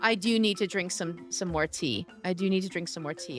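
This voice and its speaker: A woman's voice: on the low side, fairly quick, soft background music. A woman streaming a game live, chatting and teasing her viewers by name, her voice worn from days of streaming. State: losing her voice. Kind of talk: casual live-stream chat.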